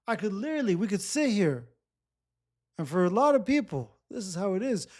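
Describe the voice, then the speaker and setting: A man leading a guided breathwork session, speaking gently and repeating his cues. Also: sits high, very animated. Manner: slow, repetitive, gently instructive. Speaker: breathwork facilitator.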